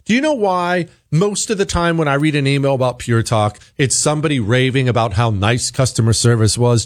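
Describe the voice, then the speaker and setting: Combative talk radio man, lively pitch. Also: a little fast, few pauses, dry recording, clean studio sound. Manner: combative, rhetorical questions, emphatic. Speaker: radio talk show host. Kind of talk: opinionated talk radio monologue and host-read ad.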